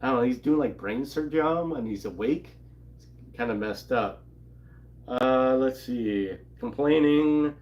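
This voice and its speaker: A man's voice: mid-range voice, a little slow, highs cut off. Rambling man recapping a comic. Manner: rambling, reads character lines aloud with laughs. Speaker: comic channel co-host.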